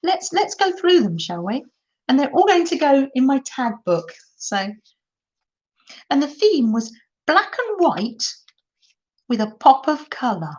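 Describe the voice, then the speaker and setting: A woman's voice: sits high, big pitch swings, a little slow, long pauses. An older woman, gushing in a casual livestream chat while she shows crafts to viewers. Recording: dull lo-fi sound.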